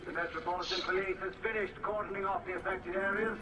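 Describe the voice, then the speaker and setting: An actor voicing a brisk police air command dispatcher over the radio. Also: male voice, high-pitched, fairly even intonation, a loud crowd. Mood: official. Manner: brisk, official. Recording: distant radio transmission with static.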